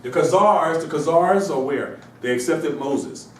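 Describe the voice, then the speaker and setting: A man's voice: on the high side, expressive, measured pace. A man with a cold gives a rambling classroom lecture, throwing out question after question to his students. He sounds far from the mic in a very echoey room with a faint hiss underneath. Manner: rambling, asks rhetorical questions. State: has a cold. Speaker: instructor. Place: university classroom.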